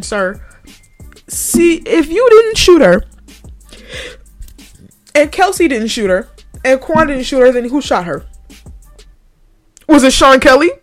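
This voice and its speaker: Woman podcast host, profane mocking rant, high voice, very lively. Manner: profane, mocking, laughs often. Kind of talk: ranting commentary.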